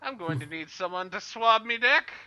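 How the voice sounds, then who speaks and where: Shrill squeaky pirate mate. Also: male voice, normal speed, no echo, full character voice. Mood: eager. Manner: high-pitched, excitable pirate drawl. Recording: muffled lo-fi recording.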